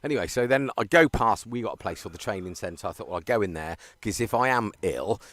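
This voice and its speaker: Brief: male cricket commentator, low-pitched, animated, laughs through his tales. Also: fast talker. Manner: animated storyteller, laughs often. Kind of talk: casual chat during live commentary.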